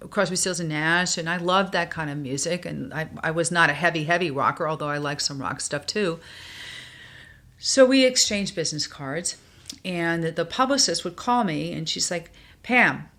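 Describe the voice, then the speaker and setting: An older woman from New York, a guest in a podcast interview, telling stories and acting out the voices of the people she quotes. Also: on the low side. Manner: animated, acts out quoted voices.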